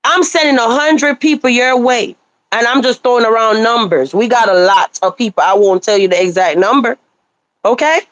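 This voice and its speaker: A woman's voice: a little high, moderate pace, dry recording. A woman hosting a casual livestream chat, blunt and scolding as she talks. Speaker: livestream host.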